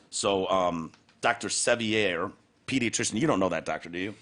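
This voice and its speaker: A man hosting a podcast, talking in casual, sarcastic, profane, animated chat. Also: low-pitched, moderate pace. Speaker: podcast host.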